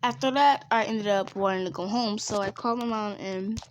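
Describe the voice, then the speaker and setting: Woman storyteller, chatty and rambling, mid-pitched, for casual gaming story time. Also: brisk, slight background noise. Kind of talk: casual story time while playing a game.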